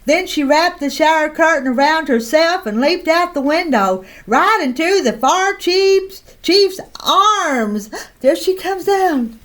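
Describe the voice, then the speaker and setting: Storyteller, woman, high voice, slow and expressive read-aloud for kids. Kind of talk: reading a picture book aloud.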